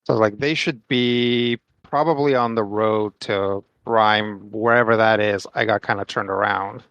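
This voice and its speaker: A man taking part in a tabletop game, speaking with a fairly low voice. He talks hesitantly, stopping and restarting often, and his voice comes through dry and close. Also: steady tone, a bit bright, no echo, dull audio. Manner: hesitant, halting, with fillers. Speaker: player.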